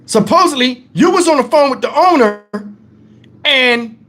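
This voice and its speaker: Vlogger, man, middle-aged, higher-pitched, heated profane storytime rant. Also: lively intonation, moderate pace, fairly bright tone. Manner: heated, profane, emphatic retelling.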